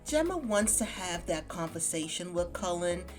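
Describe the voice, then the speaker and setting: A woman's voice: on the low side, big pitch swings, moderate pace, soft background music. A woman hosting a let's play, chatty in casual commentary, speaking to her viewers. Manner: chatty, addresses viewers as guys.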